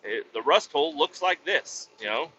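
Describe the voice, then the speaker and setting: Guy rambling through a cussing story on his podcast, pitch a bit up, kinda lo-fi sound. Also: lively intonation, normal speed, bright, forceful tone, slight background noise. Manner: profane, rambling anecdote with restarts. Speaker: podcast host. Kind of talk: casual storytelling.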